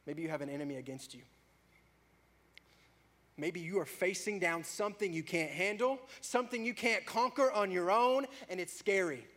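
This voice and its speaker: High-voiced fervent male preacher. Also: moderate pace. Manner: builds to loud, high-pitched fervor in prayers; drops to soft, low conversational tone between peaks. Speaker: pastor. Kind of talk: sermon.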